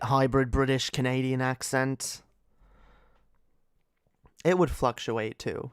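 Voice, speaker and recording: A woman's voice: a bass voice, fairly even intonation, slow pace, long pauses, clean tone, dry recording, studio quality. A young woman hosting a late-night livestream, talking casually in a sarcastic, profane rant and laughing often. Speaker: livestream host.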